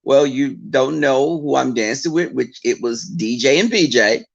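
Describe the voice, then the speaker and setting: Chatting casually with his viewers, a man tells animated stories and slips into mocking impressions of other people. His mid-range voice is creaky and unhurried, and the audio is dull.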